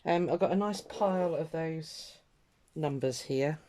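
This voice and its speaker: A woman's voice: low-pitched, measured pace, mellow. A woman vlogging her crafting in casual, rambling chat, trailing off and restarting her thoughts with lots of ums. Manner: rambling, chatty, self-interrupting with ums.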